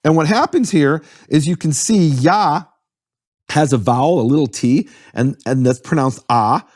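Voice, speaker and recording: A man's voice: fairly high pitch, unhurried, darkish tone, dry recording, clean studio sound. A man giving an earnest, step-by-step explanation in a conversation, spelling out terms as he goes. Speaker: guest explaining Hebrew.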